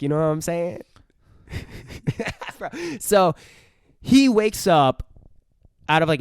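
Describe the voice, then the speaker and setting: A man's voice: a little high, smooth, no room sound, studio quality. Profane man rambling through a plot recap. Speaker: podcast co-host. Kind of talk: casual film review chat.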